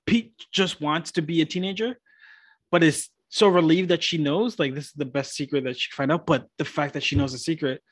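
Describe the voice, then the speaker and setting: A man's voice: fairly high pitch, brisk, no echo, studio quality. A man co-hosting a casual movie chat, enthusiastic and reenacting scenes. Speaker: podcast co-host.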